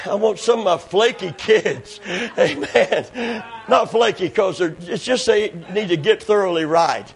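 A man preaching a fervent sermon, breaking into shouted bursts and hallelujahs. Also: high-pitched, unhurried, gravelly, few pauses. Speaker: pastor.

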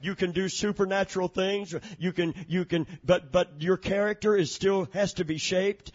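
A preacher giving a sermon, swinging from shouted, chanting climaxes down to low, quiet storytelling. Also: male voice, steady tone, moderate pace, muffled recording. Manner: rising to shouted, chanting peaks, then dropping low and soft.

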